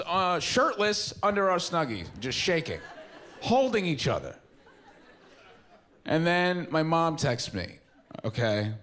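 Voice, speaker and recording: A man's voice: fairly high pitch, a bit bright. A young man, telling loose, mumbly stories in a stand-up set and acting out quotes. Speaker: stand-up comedian. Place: theater stage with a live audience.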